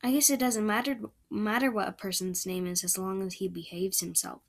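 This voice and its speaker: A woman's voice: medium pitch, steady tone, a little fast, close to an everyday voice. A woman voicing a stern, dry older woman guardian who speaks curtly and bluntly. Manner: curt, blunt, matter-of-fact.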